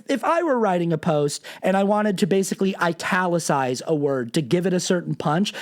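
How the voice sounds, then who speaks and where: A man hosting a podcast and ranting about politics, with a lively pitch that jumps around. He sounds sarcastic and exasperated and swears without holding back. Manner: animated, sarcastic, swears freely. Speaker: podcast host.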